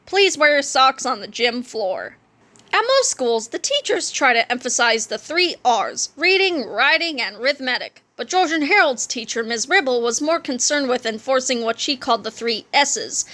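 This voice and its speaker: A woman's voice: sits high, pushed and bright. A woman reading a children's book aloud, playfully adding joking asides. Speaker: reader.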